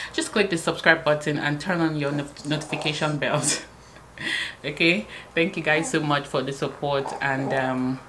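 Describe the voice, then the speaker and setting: Low-voiced woman vlogging casually. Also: unhurried, noisy background. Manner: chatty, many fillers and restarts, animated when reliving moments. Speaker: vlogger, new mother. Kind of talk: casual vlog storytelling.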